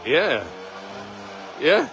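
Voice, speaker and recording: A man's voice: a little high, wildly swooping pitch, drawn-out words, gravelly, a bit bright, faint music behind. A man, a farmer hosting a live stream, chatting casually and teasing his colleagues. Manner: chatty, teasing, with frequent restarts. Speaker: farmer and livestream host.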